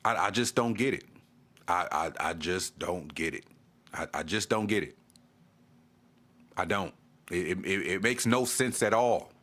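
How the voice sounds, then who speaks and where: A man's voice: low-pitched, measured pace, pauses often, bright, forceful tone. A man vlogging a fan rant, exasperated, repeating himself and stammering as he restarts. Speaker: sports vlogger. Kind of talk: ranting fan commentary to camera.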